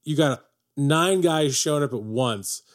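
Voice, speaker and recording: A man's voice: fairly high pitch, animated, measured pace. A man co-hosting a casual podcast, chatting about films in a wry way and swearing casually. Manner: wry, swears casually, acts out movie quotes. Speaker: podcast co-host. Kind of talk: casual movie chat.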